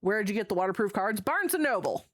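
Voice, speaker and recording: A woman's voice: mid-range voice, sing-song, fast, fairly bright tone, slight background noise. A woman streamer chatting casually and rambling as she shows items to her live chat, swearing freely. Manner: chatty, profane, rambling show-and-tell. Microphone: desk mic.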